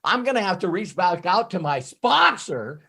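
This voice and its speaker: A man giving an off-the-cuff motivational talk as a network marketing trainer, rambling and animated, swearing freely and often breaking off and restarting his sentences. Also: sits high, normal speed, gravelly, slightly rough. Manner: frequent restarts and self-interruptions.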